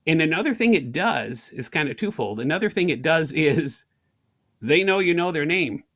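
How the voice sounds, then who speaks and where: A middle-aged American man telling stories with lively energy, slipping into the voices of the people he quotes. His voice sits a bit higher than most men's, and he talks in a loose, casual way. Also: moderate pace. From United States. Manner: animated, acts out little scenes of talk in shifting voices. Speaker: guest speaker. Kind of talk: casual interview storytelling.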